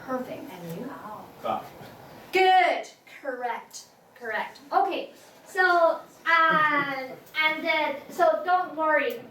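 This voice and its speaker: High-voiced teacher in an echoey classroom. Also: female voice, lively intonation, slow, pushed and bright. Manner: patient, repeats tones for students, many fillers. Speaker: Chinese language teacher. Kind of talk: classroom lesson. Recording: echoey room from far off, faint noise.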